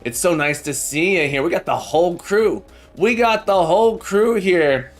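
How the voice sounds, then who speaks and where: A man's voice: high voice, expressive, moderate pace. A man hosting a livestream, chatting casually and cheerfully greeting viewers by name, sometimes drawing out names in a sing-song way. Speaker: livestream host. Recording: soft background music. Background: background music.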